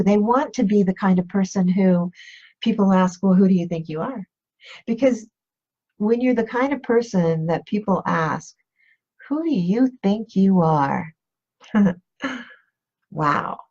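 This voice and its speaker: A woman coach talks to her live-stream viewers in an unhurried, reflective way, circling back to the same questions. Her voice is husky and a little breathy. The audio is dull and lo-fi. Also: mid-range voice, darkish tone. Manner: slow, reflective, repeats questions. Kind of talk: motivational live-stream talk.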